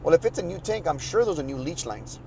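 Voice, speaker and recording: A slightly high-pitched man talks in a casual, rambling podcast monologue, stumbling and restarting as his frustration builds. Faint outdoor street noise sits under his voice. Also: sing-song, fast, vocal fry, a little mellow, poor audio. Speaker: podcast host.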